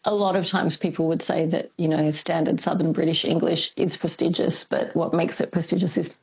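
Woman, low husky voice, gravelly edge, expert guest on radio, thoughtful explaining. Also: level tone, brisk, a little mellow, rough recording. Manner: thoughtful, explanatory, with light laughs and fillers. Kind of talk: radio talkback interview.

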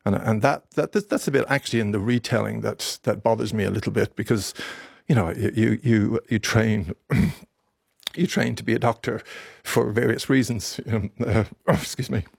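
A man in his fifties from Ireland, a doctor speaking haltingly in a radio interview, his voice catching with emotion. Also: lowish voice, gravelly, slightly rough, dry recording, clean studio sound. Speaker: doctor and guest.

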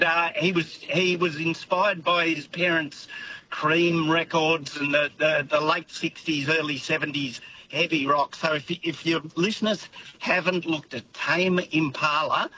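An Australian man calling in to talkback radio, telling a story in a relaxed way. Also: on the high side, unhurried, soft background music, low-quality recording. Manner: relaxed storyteller, laughing as he tells it. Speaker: caller. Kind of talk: phoned-in anecdote on talkback radio.

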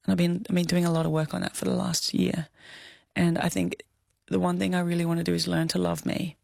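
A woman's voice: lowish voice, flat delivery, brisk, vocal fry, a little mellow, dry recording. A young Australian woman telling a personal story in an interview, candid and heartfelt, close to tears. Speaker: guest.

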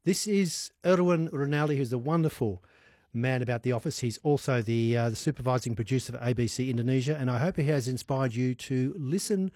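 A radio host conducts a casual studio interview, chatty and quick to react. His mellow, mid-range voice sounds close and dry on the studio mic.

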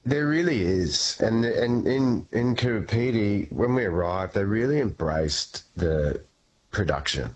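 A man's voice: lowish voice, unhurried, slightly rough. A man, an actor telling stories as a guest in a casual interview, laughing often. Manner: animated storyteller, laughs often.

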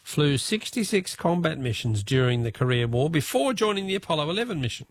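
A man with an Australian accent hosting a talkback radio quiz, chatty and jovial with quick laughs. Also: on the high side, big pitch swings.

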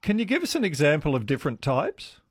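A man's voice: on the high side, huge pitch swings, fast, slightly rough, dry recording, clean studio sound. A man hosting a radio show, conversational as he reads out listener texts. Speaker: radio host. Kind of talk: casual radio chat. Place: radio studio.

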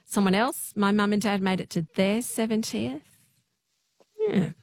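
A woman hosting a radio phone-in quiz, friendly and brisk as she reads messages and greets callers. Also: medium pitch, fairly even intonation, gravelly, a little mellow. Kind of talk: radio talk show hosting.

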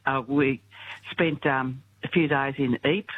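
A woman's voice: very deep voice, steady tone, slow pace. Woman on a tinny phone line. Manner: hesitant, many fillers. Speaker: caller, military correspondent.

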